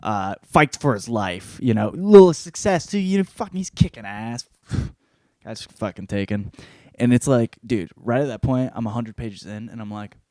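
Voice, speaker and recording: A man hosting a podcast, rambling through a casual book review with constant swearing and animated storytelling. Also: mid-range voice, moderate pace, no echo, clean studio sound. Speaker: podcast host.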